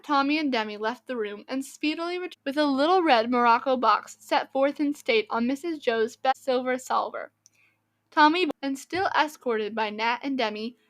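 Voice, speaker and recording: High-voiced woman reading a story. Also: fairly bright tone. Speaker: audiobook narrator. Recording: reading over music.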